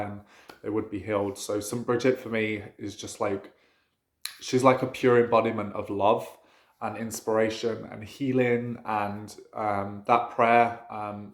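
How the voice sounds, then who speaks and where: A man's voice: lowish voice, level tone, moderate pace, roomy sound. A man talking casually to camera about his practice in a chatty, rambling way, with lots of fillers. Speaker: witchcraft vlogger.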